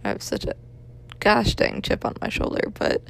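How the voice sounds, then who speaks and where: A woman's voice: moderate pace, a little hiss or hum. A young woman in her twenties leaving a rambling, apologetic voicemail, tired and yawning as she talks.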